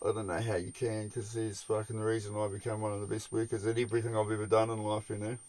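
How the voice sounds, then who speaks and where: A man hosting a podcast tells a long, casual story about work, swearing nonstop, laughing a lot, and imitating coworkers yelling. His voice is fairly low with little pitch variation, and he talks quickly.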